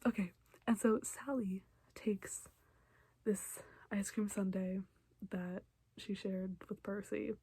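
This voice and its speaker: A young woman casually recapping a show for her vlog, chatty and emotional, often dropping to a soft hush. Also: medium pitch, steady tone, slow pace, slightly rough, no room sound. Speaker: reaction vlogger.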